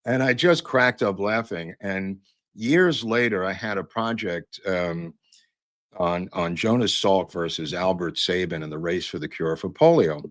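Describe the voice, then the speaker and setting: An older man with a very low voice hosts a podcast and spins rambling showbiz anecdotes. He talks in a loose, chatty way, padded with "uh" and "um". The sound is dry and close, with no room echo. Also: unhurried, a bit bright. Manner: chatty, full of "uh" and "um" fillers. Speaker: podcast host.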